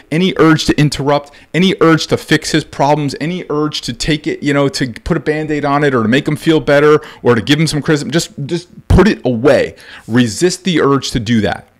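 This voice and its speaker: A man coaching baseball dads, giving blunt, emphatic parenting advice and repeating key points. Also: mid-range voice. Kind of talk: direct-to-camera parenting advice.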